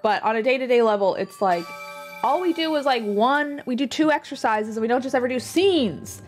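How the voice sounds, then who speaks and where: Chatty higher-voiced woman streamer. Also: fairly quick, faint music behind. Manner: chatty, rambling, filler-heavy with lively asides. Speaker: livestreamer. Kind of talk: casual chat while gaming.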